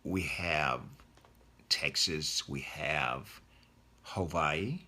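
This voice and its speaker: Bright-voiced man answering reader questions. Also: a bass voice, very slow. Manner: reads viewer comments aloud, then answers them chattily. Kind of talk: casual live Q&A.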